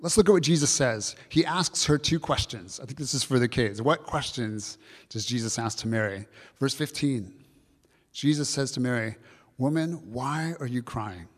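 A man's voice: medium pitch, moderate pace, big-room sound. A man preaching a sermon, earnest and reflective, asking his listeners questions and reading scripture aloud. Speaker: pastor.

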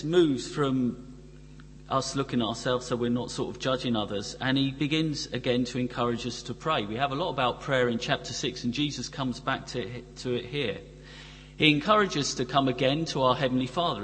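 A man's voice: mid-range voice, a bit bright. A middle-aged man preaching a sermon in a church, often asking the congregation rhetorical questions. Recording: long reverb from a church hall, faint hum.

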